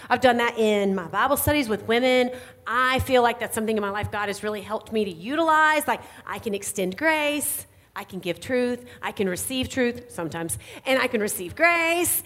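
Middle-aged woman co-preaching, fairly high voice, earnest and confessional. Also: a little fast. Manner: earnest, confessional, animated when quoting herself. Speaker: pastor's wife, co-speaker. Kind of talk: sermon.

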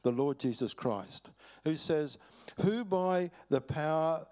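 An older Australian man preaching a sermon, telling stories in a folksy way with chuckles and halting restarts. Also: fairly high pitch, expressive, darkish tone. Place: church hall.

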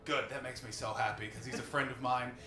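A Canadian man doing loud, swearing stand-up crowd work as the host of a live podcast show. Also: mid-range voice, fairly even intonation, a little fast, over music. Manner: loud, swearing, riffing with the audience. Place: small live comedy venue. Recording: roomy live room, distant mic, audience. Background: audience laughter.

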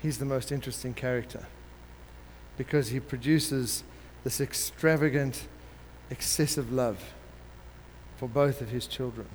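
A man preaching a sermon, telling a parable in an animated way and acting out the characters. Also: medium pitch, unhurried. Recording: long hall reverb with faint background noise.

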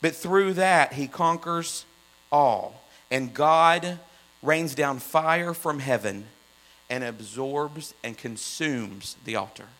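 Male preacher, high bright voice, fervent then hushed, light mains hum. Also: slow, rough recording. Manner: swings from loud fervent runs to hushed low asides. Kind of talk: sermon.

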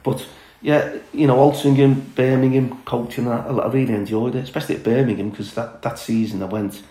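A middle-aged former footballer telling blunt, candid stories as a podcast guest, chatty with many fillers. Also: male voice, mid-range voice, steady tone, a little fast, dark tone, roomy sound, low-quality recording. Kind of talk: casual storytelling chat.

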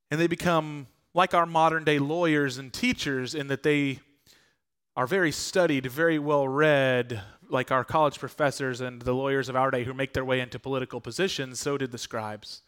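Male pastor, conversational earnest sermon delivery, slightly raised pitch. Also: fairly bright tone, clean tone. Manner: conversational, earnest preaching with rhetorical questions.

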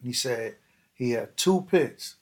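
A man's voice: medium pitch, expressive, slow pace, a little mellow. A man telling stories in casual, slangy, profane chat as a podcast host, acting out other people's lines.

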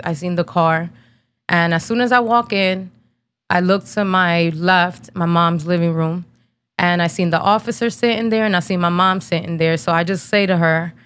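A woman in her thirties, from New Jersey, tells a painful personal story on her podcast. Her voice sits a little low, and her telling is blunt and casual, full of slang and swearing. She is holding back tears as she talks. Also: a bit bright, clean tone. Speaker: podcast host.

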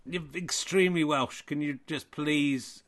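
A man hosting a comic mock sports commentary, playful and self-mocking. His voice sits a touch high for a man and gets excitable over the action. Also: a little slow.

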